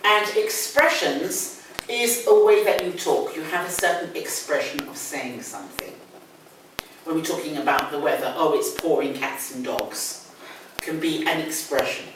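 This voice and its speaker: A woman's voice: deep voice, normal speed. An older woman with a London accent teaching English, explaining patiently and repeating key words. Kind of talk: one-on-one language lesson. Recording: echoey room, distant mic, faint noise.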